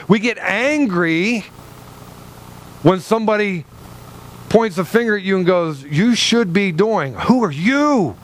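A middle-aged man, a pastor, preaching a sermon in a loose, conversational way, often restarting his sentences and acting out the voices of people he quotes. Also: high voice.

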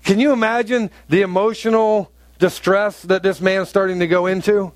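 A man's voice: sits high, steady tone, moderate pace, no room sound. A male pastor preaching a sermon in a conversational way, asking the congregation questions and acting out taunts in a raised voice.

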